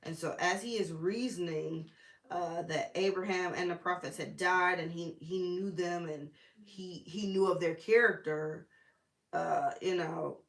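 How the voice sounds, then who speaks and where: A woman's voice: on the low side, steady tone, unhurried. A woman hosting a casual Bible study, who talks in a chatty, informal way with slang and side remarks. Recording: echoey room.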